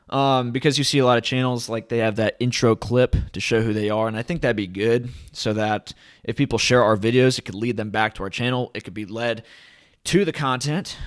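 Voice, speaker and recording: A man hosts his own vlog, talking straight into a desk camera. He rambles from point to point with loud, eager enthusiasm. His voice sits at an ordinary middle pitch. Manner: rambling, enthusiastic, hype-driven. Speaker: crypto channel host.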